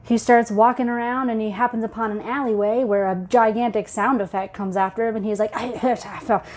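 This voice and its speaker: A woman's voice: on the high side, fairly even intonation, a little fast, darkish tone. A woman who markets a webcomic, reading and retelling a comic chapter aloud in a chatty, playful way. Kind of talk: casual comic-book read-aloud.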